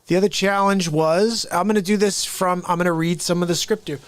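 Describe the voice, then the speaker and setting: A man's voice: high voice, fairly even intonation, a little fast, few pauses, smooth. A man hosting a casual comedy livestream, playful and rambling as he chats. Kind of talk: casual live-stream chat.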